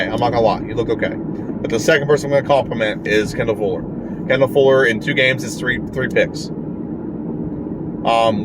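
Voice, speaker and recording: A man's voice: fairly high pitch, noisy background. A man ranting frustratedly and bluntly as a sports fan, swearing often.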